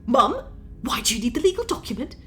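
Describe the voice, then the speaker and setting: A woman's voice: fairly high pitch, very animated, brisk, sharp tone. A woman streaming a game, ranting casually and rambling in an exasperated way, with swearing throughout. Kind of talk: casual gaming stream chat. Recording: game music in background.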